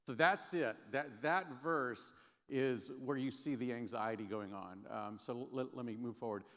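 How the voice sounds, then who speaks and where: A man giving an earnest, halting chapel sermon with frequent restarts. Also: mid-range voice, fairly bright tone. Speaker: guest chapel speaker. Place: large chapel hall. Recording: long hall reverb.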